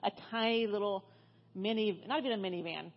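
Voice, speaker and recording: A woman's voice: medium pitch, fairly quick, dull audio. Chatty middle-aged woman preaching in church. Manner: chatty, with many restarts and fillers. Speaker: guest speaker. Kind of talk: storytelling sermon.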